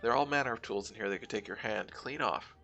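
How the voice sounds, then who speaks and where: A man reading the lines of a cultured, courteous drone engineer in a calm, formal way. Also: lowish voice, soft background music. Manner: polite, measured, formal phrasing.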